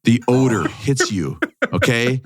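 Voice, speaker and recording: A man's voice: medium pitch, expressive, measured pace, crowd noise. A middle-aged man, co-hosting a podcast and telling a story with exaggerated asides. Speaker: podcast co-host. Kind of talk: casual storytelling chat.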